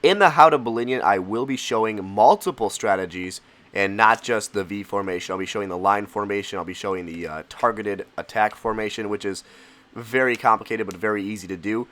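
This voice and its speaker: A man's voice: fairly low pitch, a little fast. A congested young man with a cold, casually commenting on his own gameplay as a channel host. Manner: excitable, casual.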